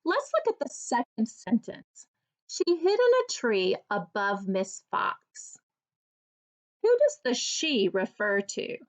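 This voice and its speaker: A woman teacher giving an early reading lesson for children, slowly and clearly sounding out each word. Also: fairly high pitch, huge pitch swings.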